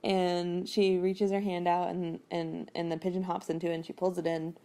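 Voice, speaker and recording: Brief: chatty woman podcast host, rambling recap, low and mellow. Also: flat delivery, normal speed. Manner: chatty, rambling, with frequent fillers and laughs. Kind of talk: casual chat.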